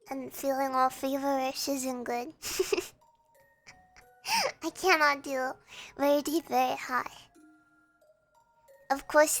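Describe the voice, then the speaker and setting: A young woman streamer with a high, slightly bright voice chats casually on a livestream while sick and feverish. Her voice is strained, and she rambles fretfully, laughing often.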